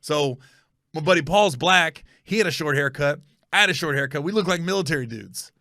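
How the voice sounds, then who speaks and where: A man's voice: a little high, lively intonation, brisk, sharp tone, dry recording, clean studio sound. A male podcast host telling a casual, rambling story, often stopping to correct himself and check facts aloud.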